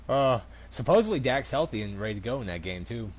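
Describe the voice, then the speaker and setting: A man's voice: mid-range voice, slightly rough, lo-fi sound. A young man, a store cashier, casually telling a heated, profane story with laughs while gaming.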